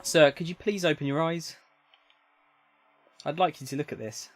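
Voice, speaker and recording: A man voicing an earnest, polite male lab assistant who gently pleads. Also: a little high, moderate pace, no room sound, natural voice. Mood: pleading.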